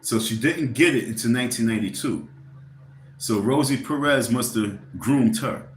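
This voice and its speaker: A man in the middle of a rambling, profane livestream rant, his voice at an ordinary mid pitch. He turns to his viewers now and then and asks them for likes. The room around him adds a clear echo, with a faint hiss underneath. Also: moderate pace. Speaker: livestream host. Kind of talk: casual ranting commentary.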